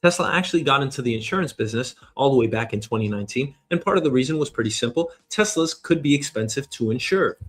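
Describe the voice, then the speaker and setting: A man hosting a show, giving an energetic motivational monologue, emphatic and casually swearing. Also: medium pitch, quick pace, few pauses. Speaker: show host.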